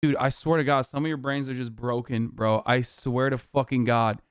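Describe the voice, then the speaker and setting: A man's voice: mid-range voice, fairly even intonation, normal speed, clear, resonant tone, dry recording, clean studio sound. A man hosting a livestream, reacting in casual, profane, heated commentary with a mocking edge. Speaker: streamer host.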